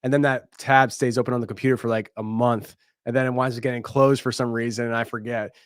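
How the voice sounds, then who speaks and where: A man chatting casually on a podcast, halting and repeating words with small laughs. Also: medium pitch, flat delivery, clear, resonant tone, dry recording, studio quality. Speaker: podcast guest. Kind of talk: casual chat.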